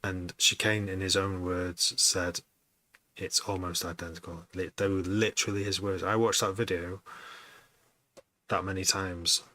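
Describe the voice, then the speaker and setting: A man's voice: low-pitched, flat delivery, unhurried, pushed and bright, no room sound. A man streaming a music production session, chatting casually in a rambling way, swearing often and breaking off mid-sentence. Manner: starts and stops mid-sentence, repeats words. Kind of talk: casual chat.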